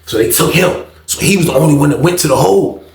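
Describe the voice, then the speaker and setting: Male storyteller, slightly raised pitch and a gravelly edge, animated delivery, roomy sound. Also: fast talker. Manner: animated, acts out quotes and sound effects. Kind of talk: casual storytelling.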